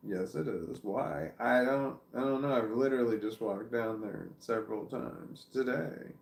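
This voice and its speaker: In a rambling home livestream, a vlogger seated with his dog on his legs talks to viewers about the animal, wandering off topic and interrupting himself. His low, gravelly voice moves at a measured pace, with roomy echo from a phone or camera on a stand.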